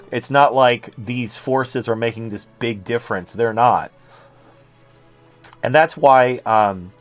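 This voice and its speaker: A man ranting in a casual political monologue, profane and sarcastic, often mimicking others mockingly. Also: medium pitch. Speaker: political commentator.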